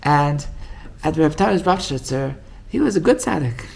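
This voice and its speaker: A man teaching as a rabbi, telling a story with lively acted-out quotes and frequent restarts. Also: normal speed, gravelly. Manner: animated storytelling, acts out quoted voices with big pitch jumps; many restarts and repeated words. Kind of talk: storytelling Torah class.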